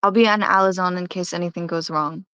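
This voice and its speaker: A woman playing a tabletop game who speaks softly and hesitantly. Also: lowish voice, fairly even intonation, fast talker, clear, resonant tone, no room sound. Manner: soft, hesitant. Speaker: player.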